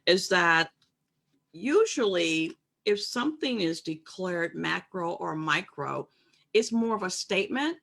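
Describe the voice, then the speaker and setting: A woman's voice: fairly low pitch, lively intonation, slow pace, vocal fry, a bit bright. A woman co-hosting a casual discussion, reflective and emphatic, making her points carefully. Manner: reflective, emphatic, acts out quoted remarks. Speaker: co-host.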